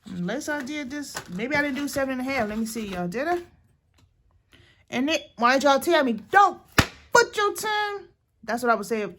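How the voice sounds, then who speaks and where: Chatty, joking woman crafter, higher voice. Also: expressive, a little fast, noisy background. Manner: joking, chatty, talks to viewers as y'all. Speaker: papercraft video host. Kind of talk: casual crafting tutorial.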